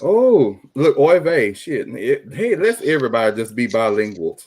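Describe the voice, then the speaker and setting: A man hosting a casual group chat on an online call, loud and joking, swearing freely. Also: medium pitch, big pitch swings, moderate pace. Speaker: podcast host.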